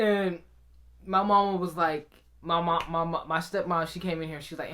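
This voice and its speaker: A man's voice: sits high, steady tone, fairly quick, a bit bright. A young man telling a personal story to his viewers. He talks casually and animatedly, calling out to the audience often. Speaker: vlogger.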